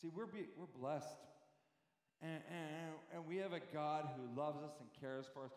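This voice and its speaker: A man's voice: fairly high pitch, moderate pace, a little mellow. A male pastor preaching a heartfelt sermon, rambling and repeating words, then rising to fervent praise. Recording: very echoey hall with long reverb.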